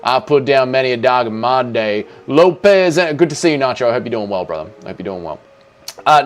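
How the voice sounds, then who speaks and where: Australian male streamer, casual and crude, mid-pitched, reads chat aloud. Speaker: streamer host. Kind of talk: livestream chat Q&A.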